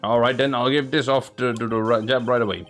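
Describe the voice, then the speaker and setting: A man's voice: medium pitch, steady tone, a little fast, a bit bright, soft background music. A man casually commenting while playing a story-driven video game. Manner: chatty and playful. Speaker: gaming video host.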